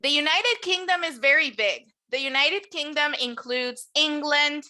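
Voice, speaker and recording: Bright, high-pitched woman as a bilingual English teacher, slow model words for repetition. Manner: switches between English and Spanish explanations; slow, drawn-out model words for students to repeat. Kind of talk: online class teaching nationalities.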